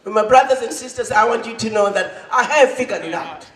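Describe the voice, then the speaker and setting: A woman ambassador giving an impassioned public speech at an event, rhetorical and rising to shouts. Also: fairly high pitch, lively intonation, brisk, heavy background noise. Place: large event hall. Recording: echoey hall, voice from far off.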